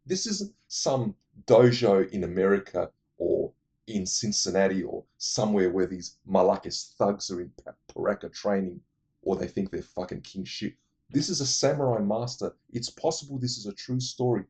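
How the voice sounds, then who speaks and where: A man's voice: on the low side, mellow, slightly rough. A man casually retelling a film plot, rambling and swearing, losing his thread now and then. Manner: acts out the characters' lines in quick impressions.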